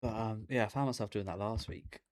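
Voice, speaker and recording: A man's voice: on the low side, brisk, darkish tone, no echo, clean studio sound. A young man rambling casually to himself as he reacts to an anime episode. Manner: rambling, talking aloud to himself.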